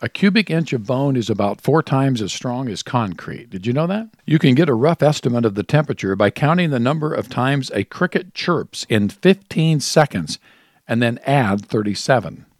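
A man's voice: mid-range voice, expressive, moderate pace, no room sound, clean studio sound. A man co-hosting a casual radio-style chat, reading out spooky stories and trivia facts and laughing often. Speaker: co-host.

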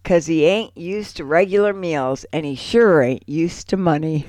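A woman's voice: low voice, measured pace, a little mellow, dry recording. A woman co-hosting a radio show, reading a folksy ranch poem aloud. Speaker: radio co-host.

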